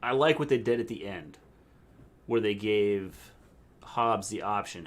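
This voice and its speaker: A man's voice: on the low side, takes it slowly. A middle-aged man co-hosting a casual livestream chat, making blunt, dry remarks. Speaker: co-host.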